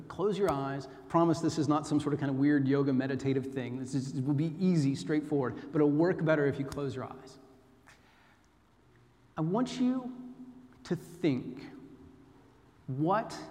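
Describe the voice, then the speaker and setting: A man's voice: fairly high pitch, steady tone, fast, hardly any pauses, darkish tone. A man with an American accent giving a chatty, self-deprecating sermon and telling a personal story. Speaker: preacher. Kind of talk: informal sermon. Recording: long hall reverb.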